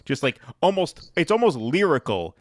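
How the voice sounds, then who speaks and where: A man's voice: fairly high pitch, very animated, normal speed, dry recording, clean studio sound. Blunt opinionated male podcast host. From New York City area. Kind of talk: casual political podcast chat.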